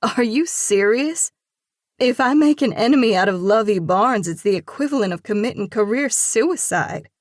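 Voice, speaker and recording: A woman's voice: medium pitch, normal speed, no room sound, clean studio sound, natural voice. A woman reading an audiobook and voicing a torn young female singer who speaks in an earnest, emotional way. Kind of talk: audiobook dialogue.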